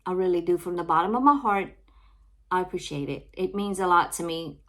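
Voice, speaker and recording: A woman's voice: lowish voice, brisk, a bit bright. Woman, crafting-channel host, heartfelt and on the edge of tears, casual vlog delivery. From Louisiana. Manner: heartfelt, repeats her thanks, says y'all constantly. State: close to tears.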